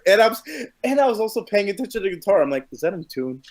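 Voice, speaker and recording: A man's voice: sits high, animated, fast, a little mellow. A man co-hosting a podcast, chatting easily about wrestling and slipping into silly voices for quotes. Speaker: podcast co-host. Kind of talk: casual profane wrestling chat.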